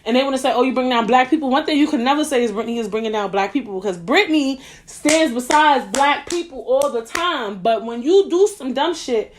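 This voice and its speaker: A young woman telling a story as a podcast host, blunt, profane and animated. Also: high-pitched, brisk, few pauses, a little hiss or hum. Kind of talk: casual monologue.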